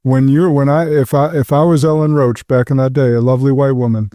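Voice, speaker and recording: A man's voice: medium pitch, steady tone, a little fast, mellow, no echo, studio quality. A man on a podcast panel making his point in casual chat, emphatic and repeating words as he builds his argument.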